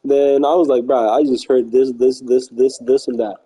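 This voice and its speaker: Husky, dark-voiced man rambling a story. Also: medium pitch, level tone, moderate pace, low-quality recording. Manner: rambling and slangy, repeating himself and quoting others. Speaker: live streamer. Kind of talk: casual storytelling on a live stream.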